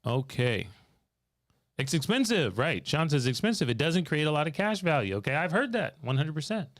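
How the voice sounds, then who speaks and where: A man's voice: a little high, big pitch swings, moderate pace. A man hosting a live financial Q&A from a studio, telling a story and reading out viewer comments from the chat. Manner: storytelling, reads out viewer comments, quizzes his co-host. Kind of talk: livestream talk with chat interaction.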